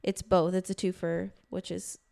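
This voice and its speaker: A woman co-hosting a casual podcast chat, hoarse from being sick, with a naturally raspy voice and a laid-back, wry manner. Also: fairly low pitch, level tone, normal speed, mellow. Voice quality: raspy, smoker-like voice. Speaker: podcast co-host. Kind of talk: casual chat about a film.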